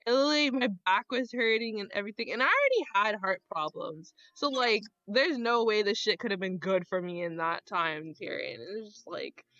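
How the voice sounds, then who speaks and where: A young woman telling a personal story in casual chat, animated and swearing, acting out the voices of the people she quotes. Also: medium pitch, fairly quick, hardly any pauses, dry recording, lo-fi sound.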